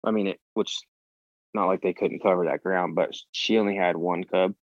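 A man with a very deep, low voice tells his story in loose, animated conversation, cursing freely and acting out what he said in the moment. The sound is dry and close, and the audio is a bit dull and muffled. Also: normal speed, no echo. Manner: animated, swears freely, acts out his own reactions. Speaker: podcast guest.

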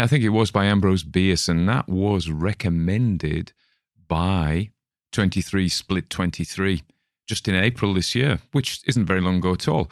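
Deep-voiced chatty male podcast host. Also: no room sound, studio quality. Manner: rambling, chatty, digressive. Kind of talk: casual chat about a story.

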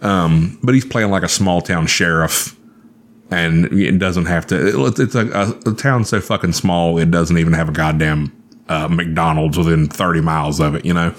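A man's voice: low-pitched, normal speed. A man telling stories in a casual, profane chat, acting out what people said. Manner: profane, animated storyteller.

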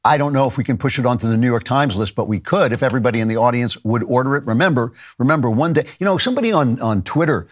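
A man's voice: mid-range voice, animated, rapid-fire, few pauses. Sardonic middle-aged male show host. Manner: sardonic, dry mock-serious jokes. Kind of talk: satirical political commentary monologue.

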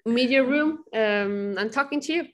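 This young interview guest has a voice on the high side and speaks at a moderate pace. Bubbly and full of laughter, she chats casually on the podcast and tells her stories with animation.

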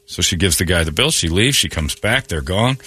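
A man hosting a morning radio show, telling stories in a jokey, animated way. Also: sits low, fairly quick, husky. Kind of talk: casual radio banter.

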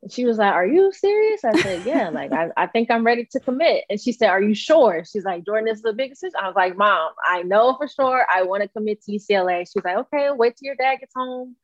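A young woman tells a story in an easygoing, rambling way, full of fillers, and she acts out the voices of the people in it. She speaks at a middle pitch. The sound is dry and a little dull. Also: fast, hardly any pauses, no echo. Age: young adult. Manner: relaxed, filler-heavy, acts out quoted dialogue. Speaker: college basketball player. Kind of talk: casual interview storytelling.

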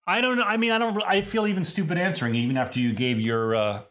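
Middle-aged man, animated raconteur, casual and self-correcting. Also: high-pitched, fast talker. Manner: animated, with frequent restarts and laughter. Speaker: actor and director, guest. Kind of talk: casual interview storytelling.

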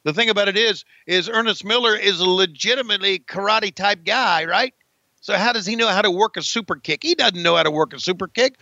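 A man commentating on wrestling in a casual podcast, excitable and profane. His voice is high and gravelly with a bright edge. It is recorded dry and sounds dull and lo-fi. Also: a little fast, dry recording.

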